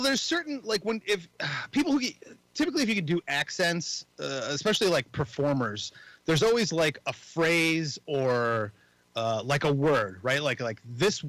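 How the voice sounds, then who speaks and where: A man's voice: on the high side, fairly bright tone, no echo, low-quality recording. A man co-hosting a podcast in casual chat, rambling with frequent restarts and casual swearing. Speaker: podcast co-host.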